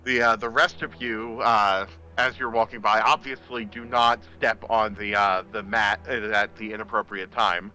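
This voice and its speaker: A man running a tabletop game as game master, describing scenes and calling for rolls in a relaxed way, with frequent pauses. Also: fairly low pitch, clear, resonant tone, poor audio. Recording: faint music behind.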